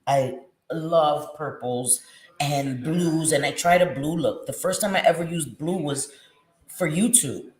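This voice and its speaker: A woman in her forties chatting casually with viewers while doing her makeup, playful and quick to laugh. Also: deep voice, darkish tone. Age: 40s. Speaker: beauty vlogger.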